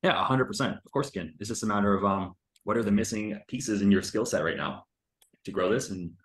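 A man's voice: fairly low pitch, a little fast, fairly bright tone, roomy sound. A man reviewing a recorded sales call in casual commentary, loose and chatty, full of filler words and the odd swear.

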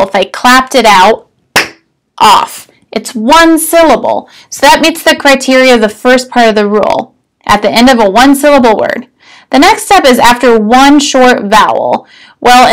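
Woman teacher going over a spelling rule, slow and patient, keeps asking "all right?". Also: fairly high pitch, fairly bright tone, rough recording. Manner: patient step-by-step explaining, checks in with "all right?". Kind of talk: recorded spelling lesson.

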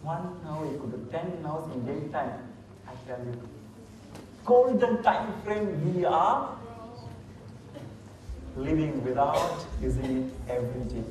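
A man's voice: fairly high pitch, lively intonation, takes it slowly, pauses often, background noise. A man with a Malaysian English accent, teaching a workshop from slides and asking the audience for agreement. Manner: instructive, asks the audience for agreement. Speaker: workshop trainer. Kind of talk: lecture with slides. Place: lecture hall. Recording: echoey hall, distant mic.

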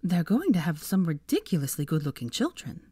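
A woman's voice: big pitch swings, warm tone, slightly rough, dry recording, clean studio sound. A woman reading aloud and voicing a clever, prickly young witch in a raised, exasperated tone. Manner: raised pitch, brisk and exasperated.

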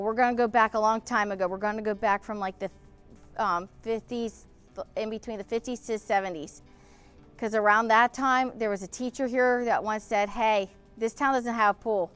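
A woman's voice: a little high, a bit bright, clear, resonant tone. A woman hosting a local history vlog outdoors beside a pool, talking in a rambling, emotional way that gets heated, with swearing. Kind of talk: on-location vlog.

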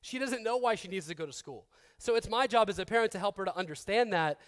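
A pastor in his thirties delivers a sermon in a conversational, joking way, expressive and quick-paced, with restarts along the way. When quoting people, he acts them out in a softer, lower voice.

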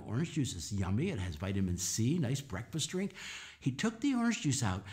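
A man telling a story to children, animated and coaxing them to act along and count with him. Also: mid-range voice, moderate pace, vocal fry. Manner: animated, coaxing kids to join in. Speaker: children's storyteller and folk musician.

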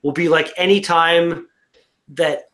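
Rambling man with a high voice. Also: steady tone, takes it slowly, fairly bright tone. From Canada. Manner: rambling, stammering storyteller. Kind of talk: casual livestream chat.

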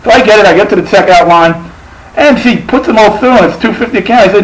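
Middle-aged guy with a lisp doing stand-up, swears a lot, kinda high voice, bit of room hiss. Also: fast talker, low-quality recording. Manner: profane, rambling, frequent restarts. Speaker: stand-up comedian. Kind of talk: stand-up storytelling.

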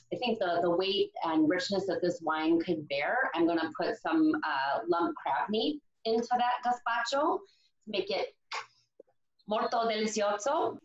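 Woman host, lowish voice, enthusiastic, echoey lo-fi call audio. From Chicago area, USA. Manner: enthusiastic, chatty. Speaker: wine show co-host. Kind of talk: casual video-call chat. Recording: roomy, slightly dull video-call audio.

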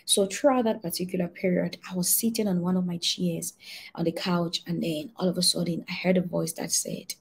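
A woman pastor giving an earnest prophetic testimony and prayer, repeating key phrases and moving between soft murmurs and shouted prayer. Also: lowish voice, flat delivery, fairly quick, gravelly, husky.

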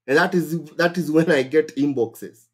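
A man with a Kenyan accent hosting a casual advice livestream, talking in an animated, exclamatory way and repeating phrases for emphasis. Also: a little high, normal speed, husky. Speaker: host.

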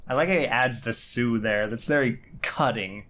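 A man's voice: medium pitch, moderate pace, fairly bright tone. A man hosting a casual comic podcast, joking, swearing freely and laughing often. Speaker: podcast host. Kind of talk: casual chat.

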